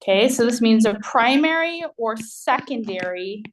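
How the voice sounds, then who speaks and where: A woman with a somewhat high voice delivers a recorded university chemistry lecture. She explains in a loose, conversational way, pausing on fillers and often checking in with the class. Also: animated, slight background noise.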